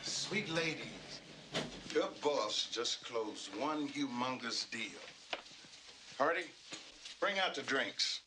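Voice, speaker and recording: A man's voice: mid-range voice, expressive, slow, pauses often, background noise. A man in a spoof comedy film playing a brash boss. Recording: film soundtrack with loud music.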